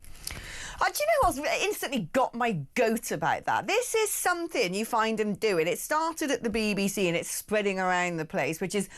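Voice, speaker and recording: A woman hosts a talk radio show with a fairly high, very lively voice that swoops up and down. She talks briskly and indignantly and drops sarcastic asides.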